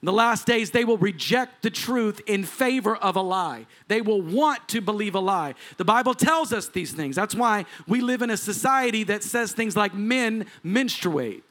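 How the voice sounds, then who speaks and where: High-voiced preaching man. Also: animated, normal speed, hardly any pauses, fairly bright tone. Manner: preaching with rising intensity and audience asides. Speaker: lead pastor. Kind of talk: sermon. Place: church sanctuary before a congregation.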